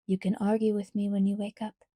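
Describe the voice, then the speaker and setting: A woman voicing a calm, teasing teenage vampire boy in a soft, hushed, near-whispered delivery. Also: medium pitch, fairly quick, dry recording, natural voice. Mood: tender.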